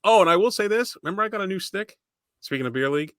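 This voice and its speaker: Chatty, bright-voiced man telling a rink story. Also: high voice, expressive, very fast, dry recording, studio quality. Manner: rambling storyteller, swears, laughs often. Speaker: podcast co-host. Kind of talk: casual chat.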